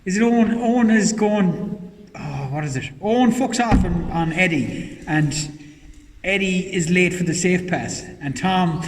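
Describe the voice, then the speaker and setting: A man's voice: sits high, unhurried. A man telling stories and swearing in casual podcast banter, jumping from topic to topic. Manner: swearing, storytelling, jumps between topics. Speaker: podcast guest. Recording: noisy, reverberant, mic at a distance.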